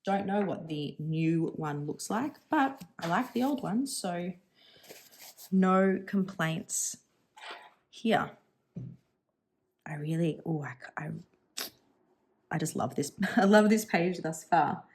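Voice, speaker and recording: A woman's voice: fairly low pitch, animated, slow, long pauses, a little hiss or hum. A woman in her thirties chatting casually and thinking aloud while swatching inks for her channel, musing and self-deprecating. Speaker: stationery vlogger.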